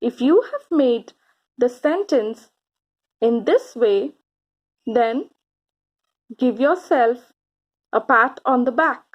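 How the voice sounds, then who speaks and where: Slow, high-voiced woman teaching children. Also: expressive, rough recording. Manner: slow, encouraging, drawn-out words with pauses for answers. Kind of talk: grammar lesson for children.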